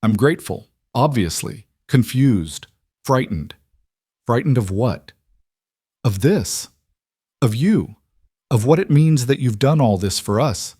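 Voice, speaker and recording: A man's voice: medium pitch, lively intonation, takes it slowly, pauses often, mellow, breathy edge, no echo, clean studio sound, voice pushed up. A man voicing a wary, frightened widowed frontier mother whose guarded voice rises and breaks. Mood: confused. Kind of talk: audiobook character reading.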